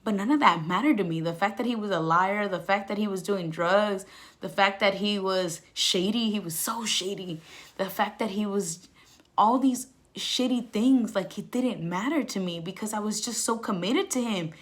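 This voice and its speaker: A young woman telling a personal story to her viewers, candid and emphatic, filling her talk with "like" and "you know" and swinging from loud outbursts down to soft near-whispers. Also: mid-range voice, normal speed. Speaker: vlogger.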